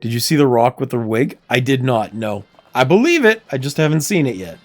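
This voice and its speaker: Streamer chatting away mid game, lively up and down voice, laughs a lot, low game music behind. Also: a little fast. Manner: chatty, talks to self, laughs often. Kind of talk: casual livestream chat while gaming.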